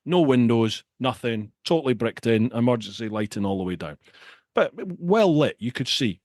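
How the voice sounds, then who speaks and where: A middle-aged man telling a story in casual chat, animated and prone to repeating words. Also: mid-range voice, normal speed, dry recording, clean studio sound.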